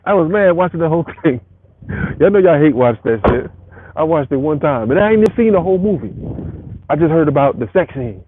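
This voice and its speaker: A man's voice: a little high, expressive, fairly quick, pauses often. A rambling, profane man on a tinny phone. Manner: rambling, profane, talks straight to viewers. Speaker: live-stream host. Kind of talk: profane live-stream rant. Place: at home. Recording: tinny phone audio with faint hiss.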